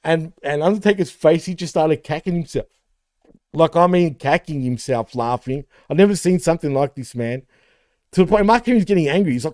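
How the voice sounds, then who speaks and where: A man's voice: fairly high pitch, animated, brisk, a little mellow, no room sound, clean studio sound. A man co-hosting a wrestling podcast in casual chat, laughing often and swearing freely. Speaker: podcast co-host.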